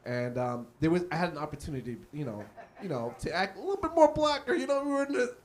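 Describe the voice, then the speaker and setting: A man with a high, light voice performs stand-up live in a small cafe. He tells his stories with animation, slipping into the voices of the people in them. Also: very animated, fast. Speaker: stand-up comedian. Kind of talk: live stand-up comedy set. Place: small cafe comedy stage.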